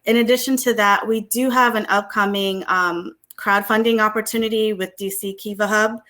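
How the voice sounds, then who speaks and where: A woman from a city small business agency, answering on an online panel quickly with many filler ums. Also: medium pitch, steady tone, pushed and bright. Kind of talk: panel answer on a virtual summit.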